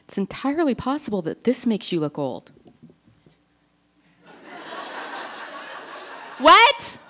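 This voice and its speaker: A woman in her forties performing a self-deprecating stand-up comedy routine, telling stories with animated delivery. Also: mid-range voice, measured pace. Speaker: stand-up comic.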